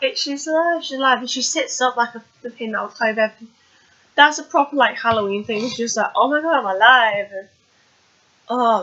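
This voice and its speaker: A woman's voice: medium pitch, pushed and bright. A woman chatting casually through a TV episode recap, rambling with lots of fillers. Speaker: TV recap vlogger. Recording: dull lo-fi recording.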